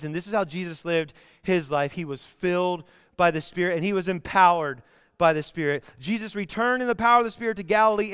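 A man delivers a sermon in a high, clear, resonant voice. He tells stories with animation and sometimes bursts into song. The sound is dry and close. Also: fairly bright tone, no room sound. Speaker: pastor.

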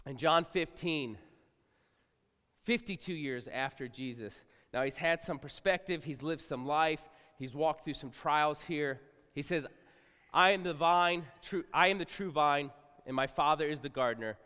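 A middle-aged man preaches in a large church, his tone conversational one moment and booming the next. His voice is sharp and forceful, sitting a little high. The sound carries a long reverb from the hall. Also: unhurried, clean tone. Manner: conversational, swinging from quiet asides to loud outbursts. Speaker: pastor. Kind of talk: sermon.

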